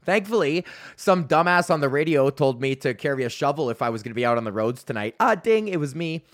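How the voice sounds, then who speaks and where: A man's voice: on the high side, animated, a little fast. A man in his thirties from Canada, hosting a podcast and telling a rambling, profane story in casual chat. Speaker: podcast host and comedian.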